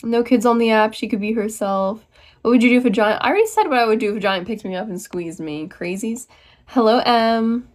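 A young American woman hosts a casual livestream, bubbly as she reads viewer comments aloud and responds to them. Her voice is fairly high and a little fast.

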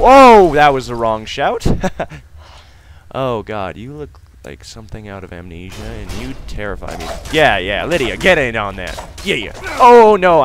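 A young man giving casual let's-play commentary, excitable and silly, breaking into sudden loud outbursts and laughs. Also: fairly low pitch. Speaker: gaming video host.

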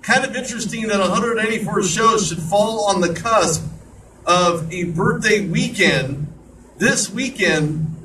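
A man's voice: high-pitched, unhurried, sharp tone. A man hosting an online radio show, talking in a chatty monologue with joking asides. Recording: distant mic with clear background noise.

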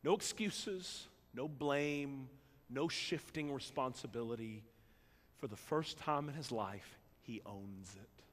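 A man preaching a sermon, swinging from loud emphatic build-ups down to hushed, low passages. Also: slow pace. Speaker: pastor. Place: church sanctuary. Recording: long church hall reverb.

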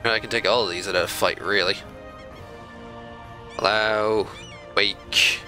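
A man with a fairly low voice and a strikingly sharp, bright tone talks through a strategy game he is playing. He chats casually and scolds the computer opponents in mock outrage. Faint game music plays behind him. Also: fairly even intonation, measured pace, pauses often, rough recording. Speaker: video game let's-play host. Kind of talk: casual gameplay commentary.

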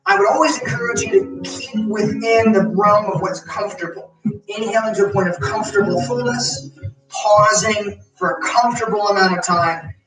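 Calm high-voiced man guiding yoga breaths. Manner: calm, slow guiding cues. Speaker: yoga instructor. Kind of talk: guided chair yoga relaxation. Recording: echoey room, mic at a distance, guitar music.

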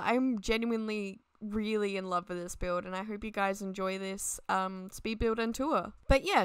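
A woman's voice: medium pitch, a bit bright, smooth, dry recording, clean studio sound. A young woman chatting and rambling casually at her desk at home as she talks over a game speed build, laughing often. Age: young adult. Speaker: Sims 4 builder and YouTuber.

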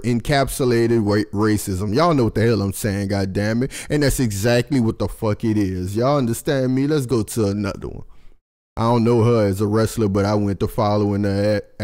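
A young man hosting his own vlog, talking casually to his audience and swearing freely, with his voice jumping up high when he gets worked up. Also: normal speed. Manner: animated, swears constantly, jumps high in pitch for emphasis. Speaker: vlogger host. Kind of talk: casual profane commentary to camera.

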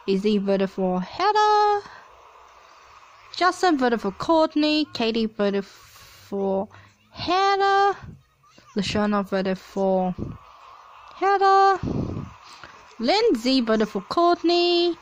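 A young woman gives a casual running commentary while playing a simulation game at home. Her voice sits a little high and she reads the results slowly, breaking in with excited exclamations. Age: young adult. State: coughing at times. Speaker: player reading a simulator. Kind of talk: casual play-along commentary.

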